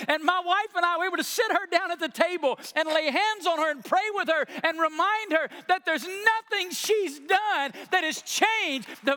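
Fervent high-voiced male pastor preaching. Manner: preaching, building from soft and slow to loud and high; repeats phrases, calls on the congregation to answer. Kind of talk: sermon.

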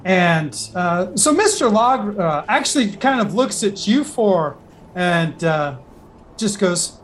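High-voiced male game master. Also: very animated, takes it slowly, a little hiss or hum. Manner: rambling, many fillers and restarts. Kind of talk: narrating a tabletop game.

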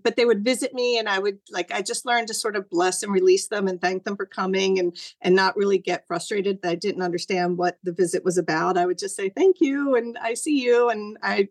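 A middle-aged woman telling a personal story on a video call, animated, acting out her own past words in a higher voice. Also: dry recording. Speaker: guest sharing a personal story. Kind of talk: conversational storytelling over a call.

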